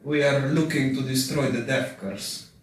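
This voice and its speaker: Deadpan guy player, slow talker, far from the mic in an echoey room. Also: mid-range voice. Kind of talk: tabletop game banter. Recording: roomy, distant mic, faint noise.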